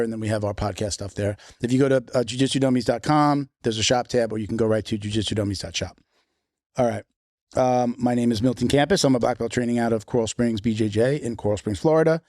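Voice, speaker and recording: A podcast host chats casually and jokes, often restarting his sentences. He talks fast in a mid-range voice that's a little mellow, with clean studio sound and no room noise.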